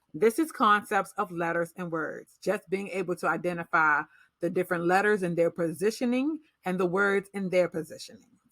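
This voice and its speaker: A woman's voice: on the low side, a bit bright, dry recording. Woman teacher explaining reading skills, dry. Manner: slow, deliberate modeling of read-aloud pacing. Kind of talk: instructional explanation for parents.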